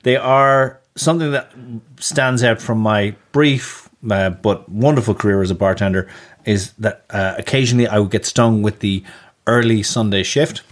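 Wry man with a low voice. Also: normal speed. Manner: dry, wry asides. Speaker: podcast co-host, quiz contestant. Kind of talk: casual quiz chat.

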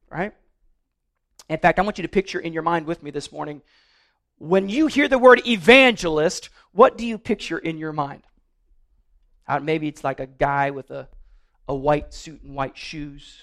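A pastor with a notably high voice preaches to his congregation. He talks earnestly but loosely, trips over and repeats words as he goes, and slips in playful humor. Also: fairly bright tone. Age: adult, married. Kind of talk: sermon.

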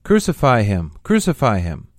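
A man shouting as an angry crowd. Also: low-pitched, a little slow, no room sound, studio quality. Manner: loud, raised shouting read.

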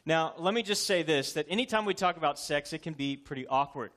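A man's voice: a little high, a little fast, a bit bright. A man in his thirties, a pastor, preaching a sermon in a conversational, joking yet earnest way.

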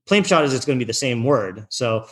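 A man's voice: mid-range voice, animated, fairly quick. A man teaching an online text study class, reading passages out and translating them in a loose, chatty way with plenty of fillers and restarts.

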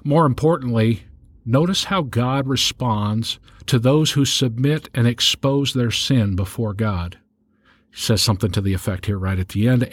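A man giving a spoken sermon, reading scripture aloud in a measured way and slowing down for the quoted verses. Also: husky, no room sound. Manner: measured, slows down and rises in pitch when reading scripture aloud. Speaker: podcast host and preacher.

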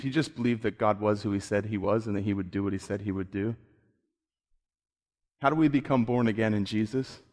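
A male preacher delivering a sermon on a clip-on mic, building to high, excited bursts as he retells scripture.

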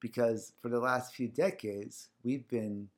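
As a guest behind a community series, a man with a mid-range voice and steady tone shares a personal story at a measured pace. He talks casually and rambles with many fillers, voicing the quoted dialogue himself.

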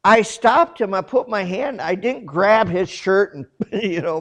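A man's voice: high voice, measured pace. A man who grew up in South Korea, a missionary telling a funny anecdote and acting out the people in it. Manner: animated anecdote with quoted voices, chuckling. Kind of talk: storytelling talk.

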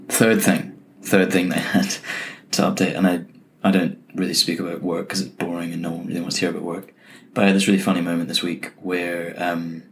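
A young man with a deep voice and a gravelly, creaky edge talks through a solo podcast episode. He tells his stories casually, with a dry, self-mocking humor. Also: slight background noise. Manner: wry, self-deprecating storyteller. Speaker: podcast host.

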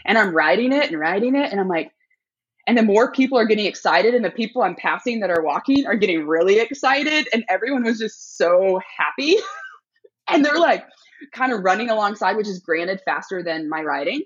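A woman chatting casually as a podcast guest, telling a story with lively energy and acting out other people's voices. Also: mid-range voice, brisk, husky, highs cut off. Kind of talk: casual chat.

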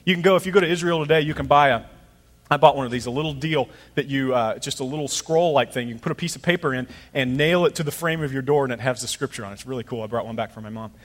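A man's voice: mid-range voice, fast, fairly bright tone, in a large hall. A middle-aged man preaching a sermon as pastor, conversational and storytelling, acting out voices in his stories.

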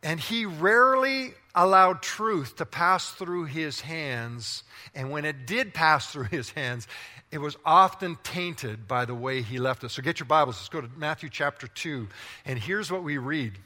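A man preaching a sermon in a large church, playful and animated, talking straight to the congregation. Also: on the high side, a little slow, long reverb tail. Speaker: pastor.

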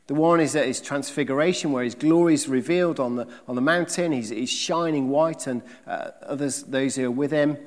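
A man preaching a sermon, emphatic, with rhetorical questions and swings between loud and soft delivery. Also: medium pitch, brisk, few pauses, long reverb tail.

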